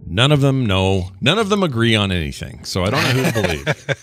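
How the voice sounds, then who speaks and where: A man's voice: medium pitch, big pitch swings, fairly quick, a bit bright, breathy edge, soft background music. A middle-aged man co-hosting a podcast in casual chat, joking and rambling, with mock rants. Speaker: podcast co-host.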